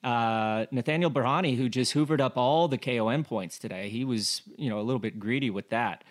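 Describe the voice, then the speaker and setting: Male podcast co-host, mid-range voice, animated casual race analysis. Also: mid-range voice, a little fast. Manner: animated, rhetorical questions, many fillers.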